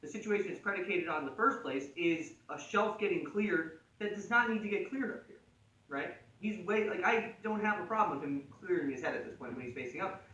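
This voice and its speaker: A man with a high, bright, forceful voice talks briskly while showing a class a jiu-jitsu choke in a martial arts gym. He jokes, stays conversational, and keeps asking "right?" as he explains the technique casually. The audio is dull, captured by a distant mic in an echoey room.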